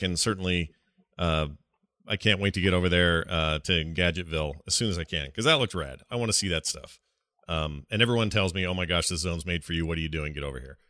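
A man's voice: low voice, pushed and bright, no echo. A man in his thirties co-hosting a podcast, rambling and self-deprecating in casual chat. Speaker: podcast co-host.

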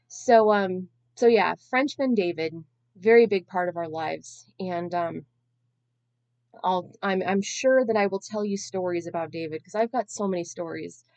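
A woman's voice: lowish voice, measured pace, darkish tone, no echo. A woman in her thirties hosting a podcast alone, telling a long-winded, self-deprecating story in a casual, chatty way. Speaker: podcast host.

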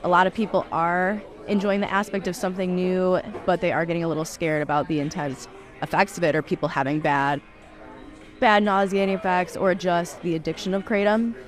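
Casual lady bar owner talking, lowish voice, some music going faint behind. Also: fairly even intonation, a little fast. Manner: casual, chatty, frequent ums. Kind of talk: interview soundbites.

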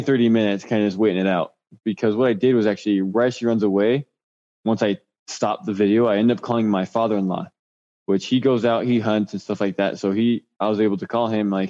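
A man's voice: lowish voice, darkish tone. A man telling his story as a guest in a casual interview, laid-back and rambling. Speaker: guest recounting a cougar encounter. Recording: dull lo-fi sound.

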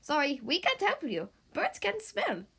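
Brief: a flock of chirpy birds for a kids' storybook, read by a woman, bright and quick. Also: very high voice, wildly swooping pitch, vocal fry, pitched above the performer's own voice, heavily acted.

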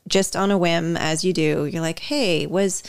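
A woman co-hosting a casual podcast, telling a researched story in an unhurried, amused way. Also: lowish voice, fairly even intonation, clean tone. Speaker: podcast co-host.

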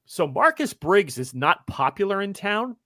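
A man narrating as game master in a tabletop game, lively and laughing, acting out quotes. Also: mid-range voice, brisk, dry recording, clean studio sound.

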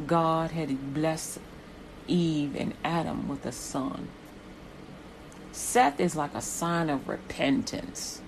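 A woman's voice: deep voice, slow pace, slight background noise, low-quality recording. A woman preaching a sermon with rhythmic repetitions that build in intensity.

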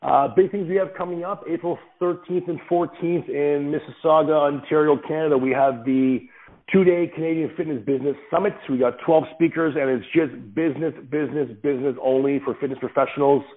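A man's voice: fairly high pitch, steady tone, fairly quick. A man being interviewed as a guest on a parenting podcast, speaking in an earnest, reflective way and explaining his views with everyday examples. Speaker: podcast guest, father of several kids. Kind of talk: casual interview answers. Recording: tinny phone-like line.

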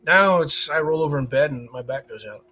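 A man with an upstate New York accent speaks as a guest on a podcast, his voice a little higher than most. He chats freely, tells little stories and laughs easily. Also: animated, bright, forceful tone. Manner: chatty, quick to laugh, tells anecdotes. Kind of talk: casual chat.

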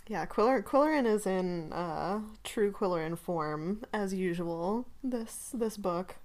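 A woman with a mid-range voice chats casually on a podcast about a book. Her manner is relaxed and easygoing, and she is quick to laugh. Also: medium pitch. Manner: relaxed, chatty, laughs easily. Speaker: podcast co-host.

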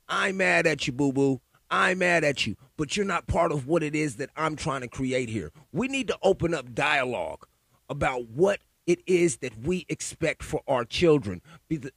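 A man's voice: fairly high pitch, fairly bright tone, slightly rough, no room sound. A man ranting alone in a heated, profane, conspiratorial way, repeating himself and building up steam. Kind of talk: profane solo rant.

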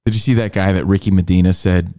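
A man's voice: sits low, steady tone, quick pace, warm tone. A man co-hosting a podcast, telling stories playfully in casual banter. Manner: laughing, playful storytelling. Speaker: co-host.

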